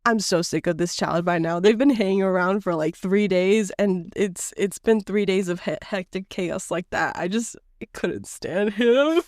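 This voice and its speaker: A woman's voice: medium pitch, moderate pace, hardly any pauses, darkish tone, dry recording, clean studio sound. A woman co-hosting a casual podcast chat, laughing often while she tells stories with lots of feeling. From United States. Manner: laughs often, acts out voices in anecdotes. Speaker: podcast co-host. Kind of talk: casual chat, animated storytelling.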